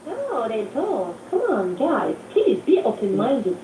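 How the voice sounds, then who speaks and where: A French-accented woman gushes about travel in a lively, swooping voice, her pitch riding high. She sounds far from the mic, in an echoey space with a faint hiss behind her. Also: slow pace. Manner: excitable, gushing. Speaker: travel organizer in group chat. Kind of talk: casual group audio chat.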